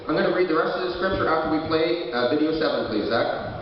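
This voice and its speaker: A man preaching a sermon as pastor, animated and storytelling, often repeating words. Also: on the high side, quick pace, a little hiss or hum. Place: church hall. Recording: distant, echoey hall, dull lo-fi.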